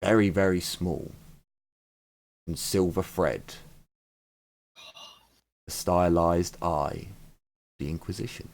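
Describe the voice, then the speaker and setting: Slow-talking man running a tabletop game. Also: sits low, gravelly. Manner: relaxed, halting, with fillers and restarts. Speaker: game master.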